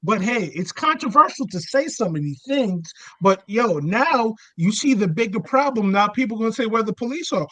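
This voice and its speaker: Man co-host, high voice, slangy teasing banter, dry mic. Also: lively intonation, normal speed, hardly any pauses, a bit bright, no echo, poor audio. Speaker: podcast co-host. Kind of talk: casual boxing talk.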